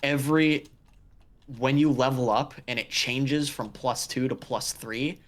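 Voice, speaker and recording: A man running a tabletop game as game master, narrating with dry, deadpan descriptions. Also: mid-range voice, unhurried.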